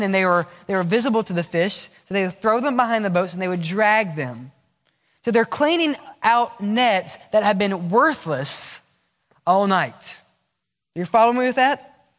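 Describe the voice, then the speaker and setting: A man's voice: sits high, fairly bright tone. A male pastor preaching a sermon. He asks the congregation questions, answers them himself, and acts out short prayers and replies. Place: church sanctuary. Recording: echoey church sanctuary with long reverb.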